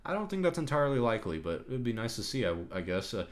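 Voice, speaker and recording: A man's voice: mid-range voice, very animated, fast. Brief: male podcast host, mid-range voice, blunt and opinionated, casual solo Q&A delivery. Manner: opinionated, swears when ranting. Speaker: podcast host answering viewer questions.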